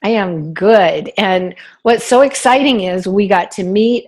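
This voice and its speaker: A woman's voice: mid-range voice, lively intonation, unhurried, hardly any pauses. Enthusiastic woman hosting an interview. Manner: enthusiastic and gushing. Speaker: host.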